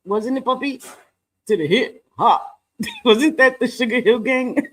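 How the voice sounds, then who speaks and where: Middle-aged male streamer, high-pitched, chatty, laughs a lot, casual swearing. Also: measured pace, fairly bright tone. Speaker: livestream co-host. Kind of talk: casual livestream chat.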